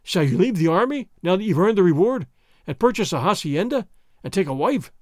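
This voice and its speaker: A man's voice: high voice, very animated, fairly quick, no room sound, studio quality. A man voicing a mild, foppish young nobleman who needles a sergeant in a mock-innocent way. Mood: needling.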